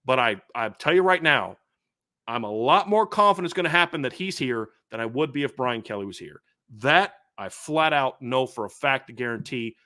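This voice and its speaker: A man's voice: mid-range voice, animated, normal speed, pushed and bright. A middle-aged man hosting a sports show, delivering a fired-up, emphatic commentary rant with lots of repetition. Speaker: sports podcast host.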